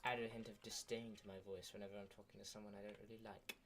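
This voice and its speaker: An American man with a fairly low voice chats casually with a friend who is playing a strategy game. He chimes in with measured, thoughtful remarks. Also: flat delivery, fairly bright tone. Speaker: co-host friend. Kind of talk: casual gameplay chat.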